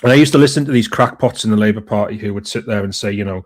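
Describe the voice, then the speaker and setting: A man, co-hosting a political live stream, speaking in a measured, deliberate way with emphatic rises. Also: mid-range voice. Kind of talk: political commentary.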